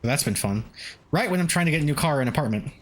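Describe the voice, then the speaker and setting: Animated young man streaming a game. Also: a little high, fast talker. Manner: animated, swears and yelps at the game, laughs often. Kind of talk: casual gameplay livestream chat.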